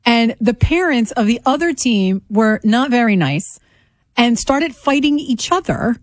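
A woman bantering on talk radio in a quick, teasing, chatty way. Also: on the high side, lively intonation, no room sound. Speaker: guest and co-talker, podcaster. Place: radio studio. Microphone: studio microphone.

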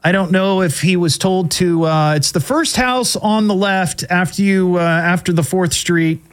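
A man's voice: high-pitched, unhurried. A middle-aged man hosting a show, casually commenting on odd news stories with wry asides and frequent fillers. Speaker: host.

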